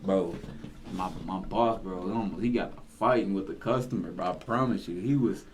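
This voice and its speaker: A man's voice: sits low, normal speed. A young man in his twenties hosting a podcast, telling stories in casual slang with lots of "bro.". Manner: slangy, animated storytelling. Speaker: podcast host. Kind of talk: casual chat. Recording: noisy background.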